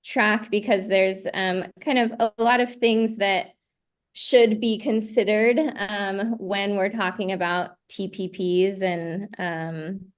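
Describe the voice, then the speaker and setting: A woman's voice: mid-range voice, steady tone, takes it slowly, smooth. A woman giving a workshop presentation over a video call, walking through her slides. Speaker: invited speaker on gene therapy. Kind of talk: online workshop talk.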